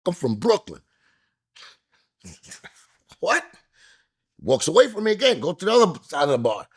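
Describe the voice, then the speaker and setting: Husky New man telling a story. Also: huge pitch swings, unhurried. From New York. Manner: acts out quoted voices, jumping high and loud. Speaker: interview guest. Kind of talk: animated storytelling.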